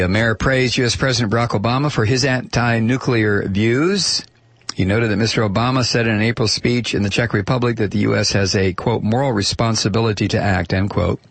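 A man's voice: on the low side, brisk, dry recording. A man hosting a talk radio show, chatty and opinionated, reading listener mail aloud into a studio microphone.

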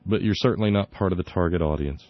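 A man's voice: sits low, fast, dry recording. A man hosting a talk radio show, delivering opinionated political commentary in an indignant, sarcastic manner with frequent stumbles and restarts. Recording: dull lo-fi dry recording.

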